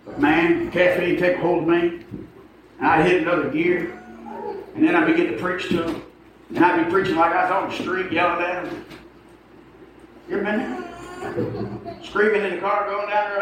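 A man's voice: high voice, little pitch movement, a little fast, long pauses. A middle-aged man preaching a sermon in a church, folksy and emphatic, often asking his congregation for an amen. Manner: folksy, emphatic, calls for amens. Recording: echoey hall from far off, noisy.

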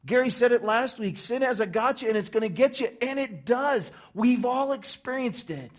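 A man delivering a sermon in a high-pitched voice. He tells the story with energy and plays out the listeners' reactions in quick asides. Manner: animated storytelling, acting out crowd reactions. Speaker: pastor.

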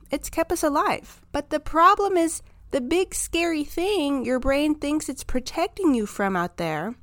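A woman hosting a self-help podcast, talking through her ideas in a calm, reflective, encouraging monologue. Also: high-pitched, no echo, studio quality. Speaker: podcast host.

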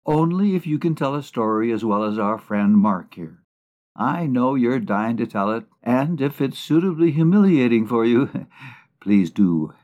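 A man's voice: mid-range voice, lively intonation, a little slow, lo-fi sound. A man co-hosting a comedy podcast, trading playful wisecracks with his partner. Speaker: podcast co-host. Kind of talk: casual comic chat.

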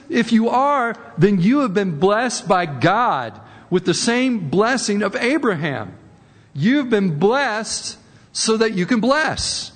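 A man's voice: high-pitched, fairly bright tone, long reverb tail. A man preaching a sermon in a conversational way, often repeating words and rising for emphasis. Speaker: pastor.

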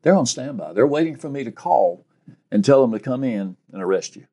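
A man's voice: mid-range voice, fairly quick, slightly rough. A man who works as a private investigator, telling stories in an interview and acting out the quotes with life. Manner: animated storyteller, acts out quotes. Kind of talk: interview storytelling.

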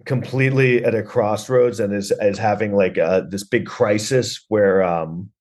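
Man, podcast host, casual film recap, fillers, sarcastic, profane, somewhat low pitch. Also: fairly even intonation, a little slow, a little mellow. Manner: rambling, filler-heavy, sarcastic, swears.

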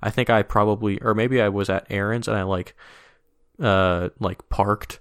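A man with a fairly low voice co-hosting a podcast. He talks in loose, rambling chat, full of "like"s, restarts and quick laughs. The sound is dry and close, with no room. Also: fairly even intonation, smooth, dry recording. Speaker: podcast co-host. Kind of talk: casual chat.

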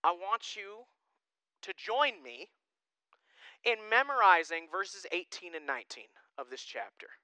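A man preaching a sermon as pastor, emphatic and animated, with joking asides to his congregation. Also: high voice, unhurried, clear, resonant tone, no echo.

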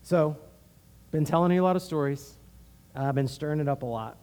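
A man's voice: on the high side, fairly quick, a little mellow. A man from Houston, a pastor, preaching a conversational sermon full of personal stories and frequent "right?". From Houston, Texas.

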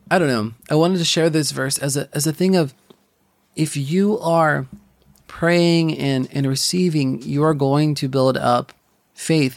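Gravelly young man sharing a faith story. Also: medium pitch, no echo. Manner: rambling, halting, many restarts and fillers. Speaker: podcast host. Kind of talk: personal faith testimony.

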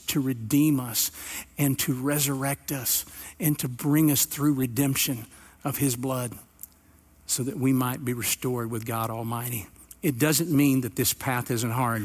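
A man's voice: mid-range voice, breathy edge. A middle-aged man, preaching a sermon and telling a personal story before building to earnest emphasis. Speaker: pastor.

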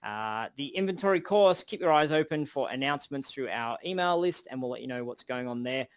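A man's voice: medium pitch, lively intonation, a little fast, clear, resonant tone, no room sound. Australian-accented man, jokey livestream co-host, dry close recording. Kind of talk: casual livestream Q&A.

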